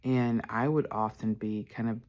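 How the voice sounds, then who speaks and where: A man's voice: lowish voice, steady tone, normal speed, a little mellow. A man, hosting a podcast and telling a personal story candidly, full of "like" fillers. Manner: candid, rambling, lots of "like" fillers. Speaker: podcast host.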